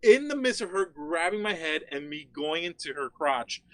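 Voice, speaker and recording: A man from Miami, a guest on a casual chat, telling a story in an animated, profane way full of "like" fillers. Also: fairly high pitch, moderate pace, no echo.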